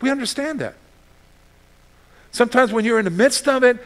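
A male pastor preaching a sermon, animated, with frequent rhetorical questions to his listeners. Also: very high voice, normal speed.

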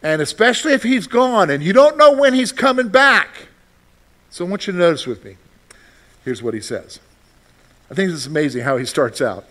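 Male preacher, high voice, casual sermon style, talks straight to the congregation. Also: sing-song, moderate pace, long pauses, fairly bright tone. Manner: conversational, asks the congregation questions. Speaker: pastor.

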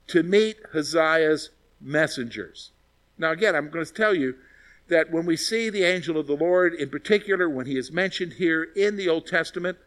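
A man's voice: sits high, bright, forceful tone. A man teaching a Bible study, retelling scripture in a conversational way and asking rhetorical questions.

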